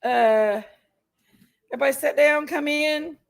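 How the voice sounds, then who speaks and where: A woman's voice: high-pitched, measured pace, gravelly, poor audio. A woman hosting a casual livestream, chatty and folksy, greeting viewers by name while feeling unwell with an upset stomach. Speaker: livestream host.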